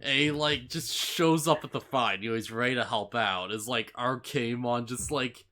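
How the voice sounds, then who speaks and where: A man's voice: medium pitch, moderate pace, sharp tone. A man co-hosting a casual podcast, recapping anime episodes in a rambling way, full of "like" fillers and laughter. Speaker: podcast co-host.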